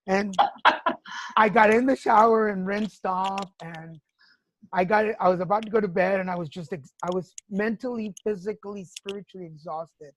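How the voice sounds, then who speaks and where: A woman's voice: mid-range voice, steady tone, moderate pace. A woman hosting a podcast, telling personal stories frankly with swearing and laughter. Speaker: podcast host. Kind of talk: candid casual chat.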